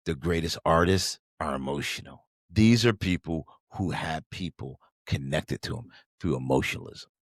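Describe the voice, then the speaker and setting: A man's voice: extremely low pitch, normal speed, no echo, studio quality. A man hosting a podcast, giving a motivational business talk in an emphatic, preachy way and addressing listeners directly. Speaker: podcast host.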